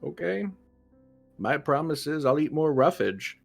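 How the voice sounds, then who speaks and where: A man's voice: fairly high pitch, expressive, unhurried, creaky, faint music behind. A man playing a tabletop game, joking and sarcastic in casual chat. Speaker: player.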